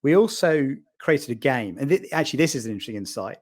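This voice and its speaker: A man, a podcast guest, telling lively anecdotes in casual storytelling style and acting out the voices of people he quotes. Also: medium pitch, fast.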